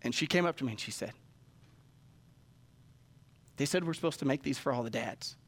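A man's voice: mid-range voice, fairly quick. A man, preaching a sermon that moves from personal storytelling to emphatic Scripture reading. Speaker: pastor.

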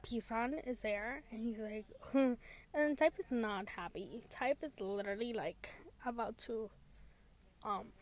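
A woman's voice: on the high side, darkish tone. A young woman casually recapping a TV episode, rambling with lots of filler words and giggles. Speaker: show recap vlogger.

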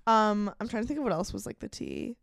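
A young woman hosting a casual podcast, candid and expressive, reacting quickly to her guest. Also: mid-range voice, vocal fry, no room sound, studio quality. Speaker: podcast host. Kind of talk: casual chat.

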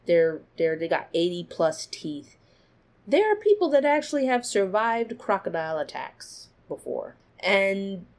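A woman hosting a casual solo podcast, animated, laughing often and jumping into high exclaiming bursts. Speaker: podcast host.

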